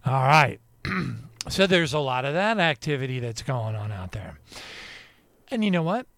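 A man's voice: mid-range voice, big pitch swings, moderate pace, fairly bright tone, no room sound. A male host giving casual Christian talk radio commentary, chuckling often, with preachy asides and trailing restarts.

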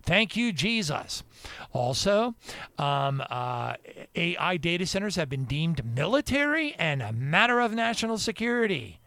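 A man's voice: fairly high pitch, very animated, measured pace, pushed and bright, no echo. A male host giving casual Christian talk radio commentary, chuckling often, with preachy asides and trailing restarts.

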